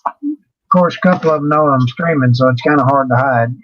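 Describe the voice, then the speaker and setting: A man's voice: mid-range voice, fairly quick, a bit bright, slight background noise. A man on a livestream chat, trading crude, teasing banter. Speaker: co-streamer. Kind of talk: casual chat. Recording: dull lo-fi stream audio.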